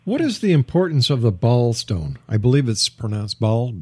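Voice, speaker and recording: A man's voice: medium pitch, very animated, normal speed, dark tone, breathy edge, no room sound. A man hosting a radio interview, asking short, polite questions. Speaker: radio host.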